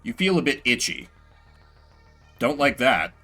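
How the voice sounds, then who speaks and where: A man's voice: medium pitch, sing-song, a little slow, pushed and bright. A man streaming a horror game, talking through it in chatty, self-mocking let's play commentary. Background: faint game music.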